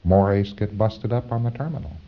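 A man giving an informal lecture to trainees, halting with fillers and repeating words for stress. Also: lowish voice, highs cut off.

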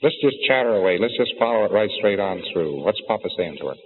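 Low man giving coaxing prompts on old tape. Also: expressive, quick pace. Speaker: therapist guiding a session. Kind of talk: guided regression session. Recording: tinny old archival tape with reverb and hiss.

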